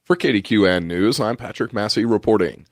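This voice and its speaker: Low-voiced radio newsman, dry and steady. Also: brisk, no echo, faint music behind. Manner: steady, scripted news delivery. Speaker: radio news reporter. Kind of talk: read news report. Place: radio studio.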